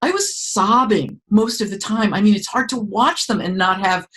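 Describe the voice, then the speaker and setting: A woman author being interviewed, speaking expressively with emphatic, animated phrasing. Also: mid-range voice, moderate pace. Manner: expressive, emphatic, frequent restarts. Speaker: author guest. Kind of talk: conversational interview.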